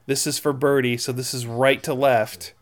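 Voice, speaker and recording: A man hosting a podcast, commentating casually over a golf broadcast, excitable and repeating his exclamations. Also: mid-range voice, normal speed. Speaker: podcast host.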